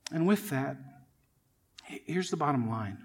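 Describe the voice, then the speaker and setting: High-voiced earnest male preacher. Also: expressive, unhurried, husky. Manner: earnest, emphatic preaching, addresses listeners as friends. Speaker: pastor. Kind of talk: sermon.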